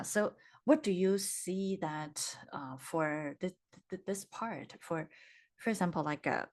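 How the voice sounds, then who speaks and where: Hesitant low-voiced woman host. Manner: hesitant, searching for words. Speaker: podcast host. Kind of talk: casual interview chat.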